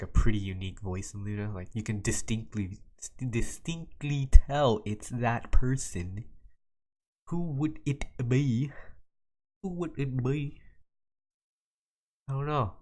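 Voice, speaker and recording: A teenage young man hosting a solo podcast, rambling casually from topic to topic with lots of restarts and "like"s. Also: lowish voice. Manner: rambling, jumps between topics, many restarts and "like"s. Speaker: podcast host.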